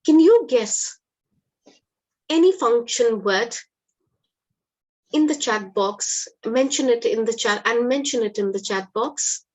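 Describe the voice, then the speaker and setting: A woman's voice: on the high side, expressive, slow pace, long pauses, darkish tone. A woman teaching in a live online webinar, upbeat and encouraging, quizzing her audience. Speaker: English teacher hosting a webinar.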